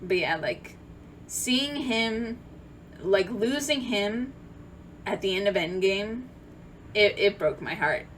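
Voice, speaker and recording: A young woman tells a story-time vlog in a rambling, heartfelt way, with lots of fillers and false starts. Her voice sits at a middle pitch. She swings between loud bursts of excitement and soft, near-tearful talk. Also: takes it slowly, pauses often, a little hiss or hum. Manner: rambling, emotional, many fillers and restarts. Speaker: vlogger.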